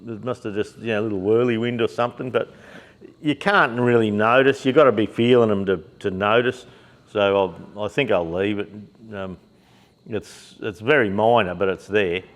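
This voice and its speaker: A man's voice: lowish voice, moderate pace. A middle-aged Australian man, a shop owner, chatting casually to camera in his workshop shed, rambling and blokey with plenty of fillers and the odd swear word. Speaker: shop owner and YouTube host.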